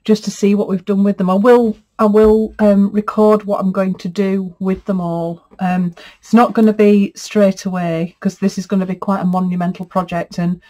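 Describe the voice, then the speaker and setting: Woman, middle-aged, casual, chatty, gushing, mid-range pitch. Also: warm tone. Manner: chatty, gushing and easily moved. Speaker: textile artist. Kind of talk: casual unboxing chat.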